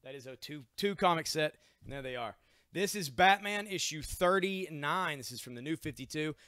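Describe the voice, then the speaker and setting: A man with a fairly high voice hosts a live-stream sale in a comic book store. He talks in chatty, joking patter, listing issues and prices. His voice is dry and close to the mic. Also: lively intonation, normal speed, a bit bright, smooth, no room sound. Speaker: comic shop host running a live sale. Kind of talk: live-stream sales pitch.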